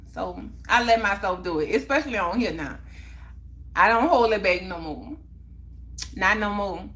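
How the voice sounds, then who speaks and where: Bright-voiced heartfelt woman livestreamer. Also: medium pitch, normal speed. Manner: emphatic, heartfelt, repeats phrases for emphasis. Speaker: livestream host. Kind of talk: casual livestream chat.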